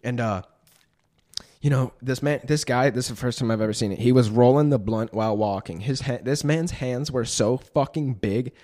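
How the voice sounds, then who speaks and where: A man's voice: medium pitch, moderate pace, mellow. A man in his twenties tells a story in a loose, rambling podcast chat. His speech is profane and crammed with filler words. He is a guest talking to the host. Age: 20s. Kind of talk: casual storytelling.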